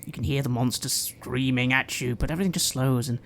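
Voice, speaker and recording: A woman narrating a tabletop horror game as game master, with measured, dramatic description. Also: extremely low pitch, steady tone, a little hiss or hum.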